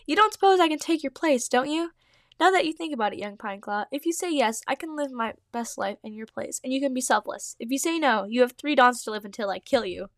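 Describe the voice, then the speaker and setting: A scheming black tomcat with a wise but menacing air, read out by a woman with a fairly high, quiet voice. He speaks in old-fashioned phrasing and makes quiet threats. The sound is close and dry, with no room around it. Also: animated, fast, no echo. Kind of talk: reading own fanfiction aloud.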